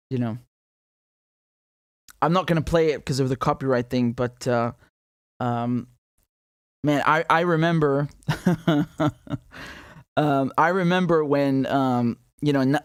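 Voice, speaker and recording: A man's voice: mid-range voice, no room sound, clean studio sound. A man from Syria hosting a casual livestream of political commentary, chatty, with frequent laughs and lots of fillers and restarts.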